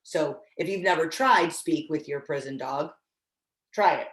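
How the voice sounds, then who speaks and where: A woman's voice: sits low, a little slow, roomy sound. A woman instructor teaching dog training in a casual, encouraging way, often restarting her sentences. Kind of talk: online training class.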